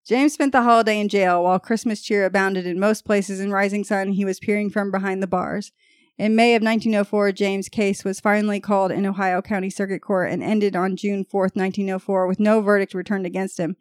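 A podcast host reads through an old murder case at a slightly fast clip, her medium-pitched voice fairly even in intonation. The studio-quality recording has no echo, and she periodically stops to joke and laugh with her co-hosts.

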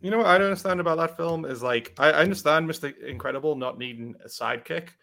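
A man co-hosting a casual wrestling chat, talking quickly with frequent laughs and asides. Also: a little high, creaky, sharp tone. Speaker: podcast co-host.

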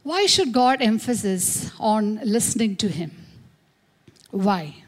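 Slow, emphatic woman preaching a sermon. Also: mid-range voice, expressive. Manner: emphatic preaching with call-and-response repetition. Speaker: pastor. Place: church service.

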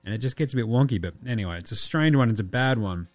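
A man's voice: mid-range voice, very animated, fast, hardly any pauses, darkish tone, no echo, faint music behind. An Australian man hosting a basketball podcast, rambling through casual chat with sarcasm and plenty of swearing. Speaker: podcast host.

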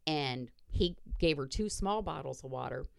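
A woman's voice: low-pitched, lively intonation, normal speed, vocal fry, dry recording. A woman podcast host casually retelling a story, blunt and profane, acting out the dialogue.

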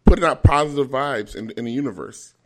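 A man co-hosting a podcast, chatting casually and joking, with his talk full of fillers. His voice sits at an ordinary middle pitch. He keeps the tone loose and conversational. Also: a little fast. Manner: talks with lots of 'like', joking. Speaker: podcast co-host. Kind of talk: casual chat.

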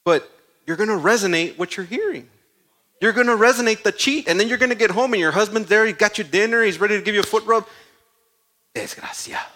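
Bright-voiced male preacher, animated. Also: high voice, fast talker. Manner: conversational, animated storytelling with asides. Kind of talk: sermon.

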